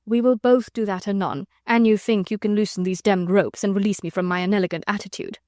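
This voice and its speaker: Sir Percy, a drawling, weary gentleman, read by a woman. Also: medium pitch, fairly even intonation, fairly quick, no echo, clean studio sound, lightly acted. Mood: good-humoured. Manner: drawly, lazy, good-humoured. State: weak and exhausted. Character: man, sleepy drawling affected English gentleman. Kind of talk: audiobook character reading.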